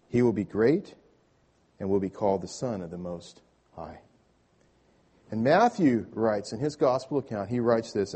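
A man's voice: fairly low pitch, warm tone, slightly rough. A male pastor delivering a sermon, restarting phrases with repeated words and leading the congregation to speak lines back.

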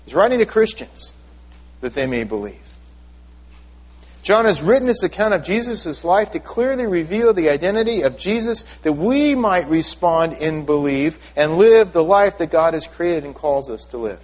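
A man with a notably high voice delivers a teaching sermon as pastor. He explains word meanings step by step, often restarting a phrase, and invites the congregation to read along with him. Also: very animated, normal speed, a little mellow. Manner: teaching, leads congregation in reading aloud; explanatory, repeats words when restarting.

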